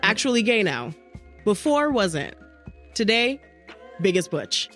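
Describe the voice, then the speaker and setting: A woman's voice: medium pitch, sing-song, takes it slowly, fairly bright tone, faint music behind. A woman co-hosting a podcast in sassy, playful, profane casual chat. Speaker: podcast co-host.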